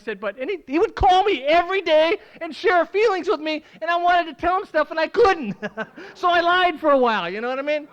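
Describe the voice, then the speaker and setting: A man sharing his recovery story at a meeting, swinging from hushed, tearful moments to loud laughing outbursts. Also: very high voice, animated, fairly quick. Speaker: AA speaker. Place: meeting room at a school.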